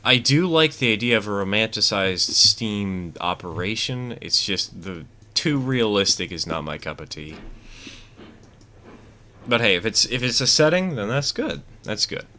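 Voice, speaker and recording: A man's voice: fairly low pitch, sing-song, unhurried, sharp tone. A man streaming a train game, chatting casually and giving rambling, opinionated replies to chat. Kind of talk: casual gameplay commentary, reading chat.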